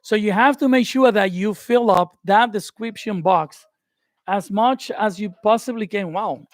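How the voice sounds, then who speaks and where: A man with a young family giving casual, animated YouTube advice during a live stream from his home studio. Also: sits high, unhurried, dry recording. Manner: animated, conversational, laughs often. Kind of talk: live-stream tutorial talk.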